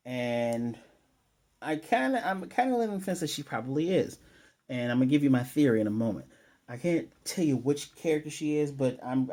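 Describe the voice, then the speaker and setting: A man with a mellow, mid-pitched voice talks through a TV episode recap in a loose, chatty way. He trails off, corrects himself and throws in filler words, then livens up when he shares his fan theories. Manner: rambling, loose, with frequent fillers and self-corrections. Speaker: TV episode reviewer. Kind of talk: casual spoiler recap and theorizing.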